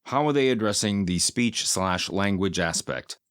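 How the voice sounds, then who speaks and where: A man with a low voice delivers a scripted film review, full of deadpan, sardonic asides. He slows down to hammer home his key points. The sound is dry and close, with no room around it. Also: dry recording.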